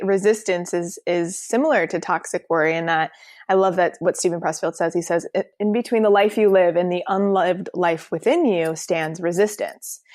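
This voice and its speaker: A woman in her thirties speaks as a podcast guest in an easy, conversational way. Her voice sits a little low. She slips into playful quoted voices for her inner thoughts, recorded dry and close. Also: darkish tone, no echo. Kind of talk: casual interview conversation.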